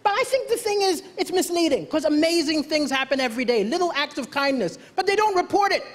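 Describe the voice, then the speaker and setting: A man's voice: very high voice, lively intonation, fast. A man from Malawi performing a stand-up comedy set on a large stage, with punchy, self-deprecating delivery. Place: large theatre stage before an audience. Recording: loud live audience and crowd noise.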